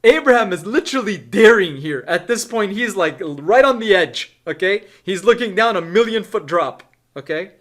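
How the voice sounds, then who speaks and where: Male Bible teacher, animated and emphatic, pitch very lively, keeps checking in with the audience. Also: normal speed. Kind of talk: Bible reading with commentary.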